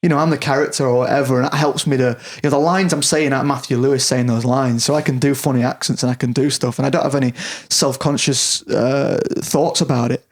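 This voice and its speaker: A man's voice: medium pitch, fairly even intonation, fast talker, few pauses. A man in his thirties with a Yorkshire accent, a guest actor talking candidly on a podcast, self-deprecating and full of restarts and swearing. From Yorkshire, England. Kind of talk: casual podcast chat.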